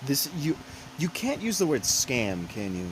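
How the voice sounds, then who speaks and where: Mid-pitched voice, very lively intonation, casual podcast chat, rambling and sarcastic, faint background noise. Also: unhurried, rough recording. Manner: animated, rambling, with frequent restarts and sarcastic asides. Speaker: podcast co-host.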